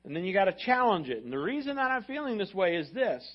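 A male pastor preaching an energetic, repetitive sermon and acting out quotes. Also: high-pitched, fast talker. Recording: slightly muffled recording.

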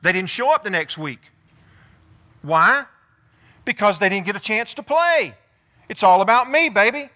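A male pastor giving a lively sermon, asking the congregation questions and calling on people by name. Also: high voice, normal speed, pauses often. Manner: animated, calls on listeners by name, asks the room questions.

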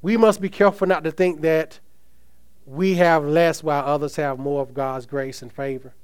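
Man, pastor, emphatic sermon delivery, fairly high pitch, smooth resonant voice. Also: fairly even intonation, normal speed, darkish tone. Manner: emphatic preaching, reads scripture aloud, asks the congregation questions.

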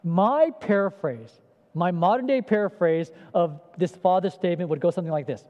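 High-voiced pastor preaching in an echoey hall. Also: male voice, normal speed. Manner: conversational, asks the congregation questions. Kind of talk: sermon. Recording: echoey hall, dull lo-fi sound.

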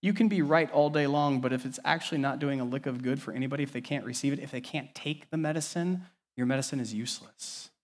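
A man preaching a sermon as pastor, animated and conversational, swinging between soft asides and loud emphasis. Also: medium pitch, fast. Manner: animated, varies loudness widely, conversational asides.

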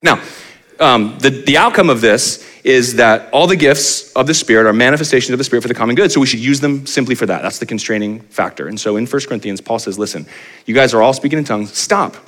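A man in his forties, a pastor delivering a sermon, animated and often putting rhetorical questions to the congregation. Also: fast. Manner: animated, pitch rising for emphasis, asks the crowd rhetorical questions.

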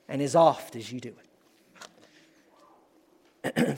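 A man's voice: fairly high pitch, normal speed, pauses often. A man preaching as a guest, earnest and building to emphatic declarations. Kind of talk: sermon.

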